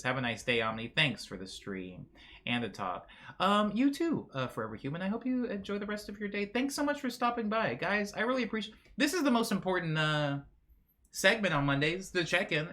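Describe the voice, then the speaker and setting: Male streamer, casual and chatty, with a lively, bouncing voice. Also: on the high side. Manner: chatty, reads chat messages aloud, lots of fillers. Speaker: livestream host. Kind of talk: casual live-stream chat.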